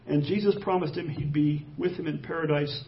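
Man, pastor, sermon, high voice, gravelly, scripture reading, muffled lo-fi recording. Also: fairly even intonation, brisk, far from the mic. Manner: expository preaching, reads scripture aloud and rises in emphasis. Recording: dull lo-fi sermon audio.

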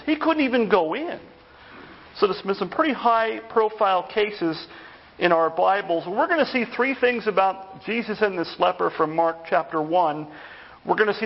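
A man preaching an evening sermon in a church, conversational in tone and animated when he retells stories. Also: sits high, vocal fry, breathy edge, dull audio. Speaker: pastor.

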